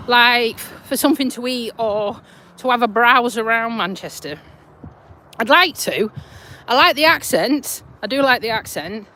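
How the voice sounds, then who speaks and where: High, lively chatty woman walking outdoors. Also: slight background noise. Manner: chatty, rambling, laughs easily. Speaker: vlogger. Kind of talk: casual live-stream chat. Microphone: phone.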